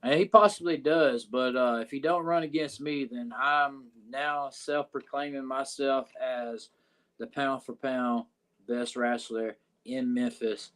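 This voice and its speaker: A man's voice: medium pitch, measured pace. Man telling a rowdy story. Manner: animated, profane storytelling with many "you know what I'm saying" fillers. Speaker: wrestler guest. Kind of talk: casual storytelling interview.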